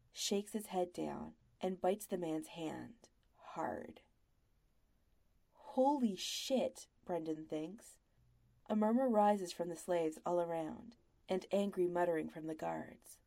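Gravelly, dark-voiced female audiobook narrator. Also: lowish voice, dry recording.

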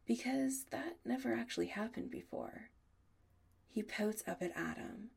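A woman narrating an audiobook in a soft, often half-whispered delivery. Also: fairly low pitch, vocal fry, breathy edge.

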